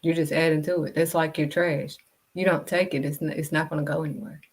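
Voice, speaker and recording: A woman's voice: deep voice, little pitch movement, brisk, husky. A woman vlogger giving a blunt, scolding faith talk straight to camera. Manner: blunt, direct, scolding, refuses to sugarcoat. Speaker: vlogger and kids' modeling teacher.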